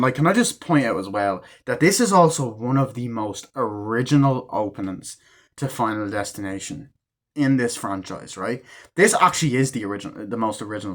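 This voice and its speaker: A man giving a casual, rambling movie review, full of fillers and the odd swear, acting out characters' lines in quick snippets. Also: medium pitch.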